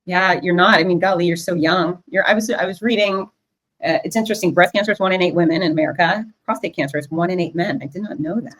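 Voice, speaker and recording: A woman's voice: lowish voice, fast, a bit bright. A woman hosting an interview, speaking in a candid and emphatic way. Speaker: host.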